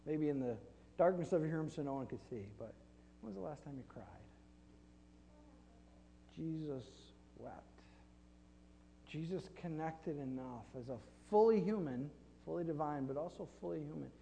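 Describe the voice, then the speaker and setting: A man's voice: on the high side, lively intonation, a little fast, gravelly, dark tone, slight background noise. A man preaching a sermon in a conversational, joking way, with laughs between points. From Flint, Michigan. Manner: conversational, self-deprecating with laughs. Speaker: pastor. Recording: long reverb in a large hall.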